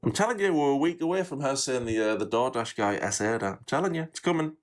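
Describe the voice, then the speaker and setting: A man's voice: mid-range voice, animated, fast talker, over music. A man giving casual, sarcastic reaction commentary with dry jokes.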